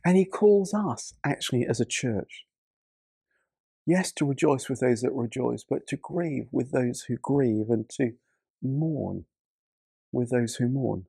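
Male preacher, gravelly voice, mellow dark tone, dry close sound, earnest, stumbling restarts. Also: medium pitch, animated, takes it slowly, no echo. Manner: earnest, repeats words and restarts often. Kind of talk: sermon.

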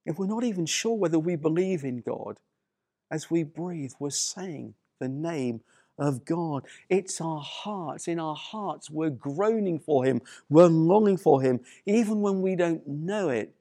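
A man's voice: a little high, expressive, measured pace, mellow, no echo, studio quality. A man preaching a sermon to people watching at home. He speaks with emphasis and repeats key phrases. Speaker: pastor.

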